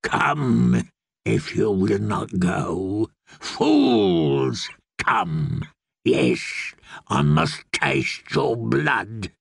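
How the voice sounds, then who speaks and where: A male narrator puts on a hideous old crone who croaks out prophecy in a deep, gravelly rasp. She drags every word out slowly, her voice husky and swooping wildly up and down. The sound is close and dry. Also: wildly swooping pitch, no room sound, exaggerated voice. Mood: menacing. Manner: slow, menacing, drawn-out. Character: ancient toothless female witch, malicious.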